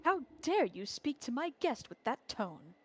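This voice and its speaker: A woman voicing a gentle, gentlemanly male buck in a game, with a polite, formal manner. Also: mid-range voice, expressive, brisk, close to an everyday voice. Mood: stern.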